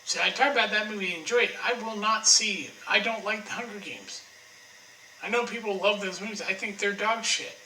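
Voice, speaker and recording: A high, very bright-voiced man rants on without a script, blunt and profane, often cutting himself off and starting over. He sits a little back from the mic in an echoey room. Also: a little fast, far from the mic. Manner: profane, blunt, opinionated, frequent restarts. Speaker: online commentator. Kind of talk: ranting casual monologue.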